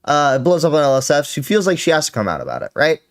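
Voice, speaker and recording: Man, streamer, reaction commentary, profane, rambling, lively pitch. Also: fast talker, vocal fry. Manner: profane, rambling, self-correcting. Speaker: streamer hosting a reaction show. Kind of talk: casual commentary on clips.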